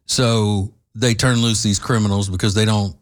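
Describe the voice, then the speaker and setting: Man, low voice, host, opinion monologue, halting, fillers, dry sarcasm. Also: steady tone.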